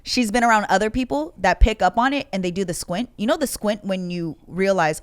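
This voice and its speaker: Animated, lighthearted podcast co-host woman. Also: medium pitch, a little fast, few pauses, clean tone, no room sound. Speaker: podcast co-host, radio personality. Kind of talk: casual podcast chat.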